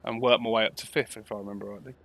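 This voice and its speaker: Man, bright tone, casual race commentary, laughs easily. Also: lowish voice, steady tone, racing. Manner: chatty, laughs often, self-deprecating. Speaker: sim racing commentator. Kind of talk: casual live commentary banter.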